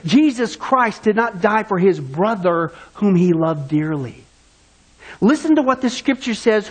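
Male preacher with a very high voice, preaches with rhetorical questions, tells stories. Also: husky. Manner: rhetorical questions, then answering them himself; storytelling, draws the listener into a scenario. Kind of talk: sermon.

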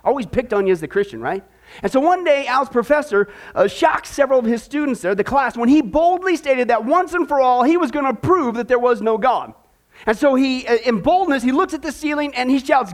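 A male pastor with a strikingly high voice, preaching a sermon in a folksy, joking way. He keeps checking in with the congregation through rhetorical questions. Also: animated, fairly quick. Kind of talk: sermon with humorous story.

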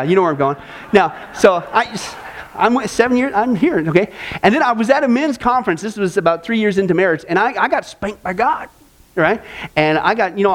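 A man preaching a sermon to a live audience, telling personal stories in an animated way and acting out other people's voices. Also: high voice. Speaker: pastor.

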